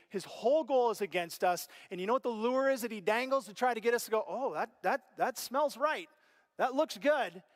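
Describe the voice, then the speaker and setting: A middle-aged male pastor preaching a sermon, telling stories with animated delivery and acting out voices, dropping to a hush and rising again. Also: fairly high pitch, in a large hall. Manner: animated storytelling, acts out quoted voices, big swings from loud to hushed. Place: church auditorium.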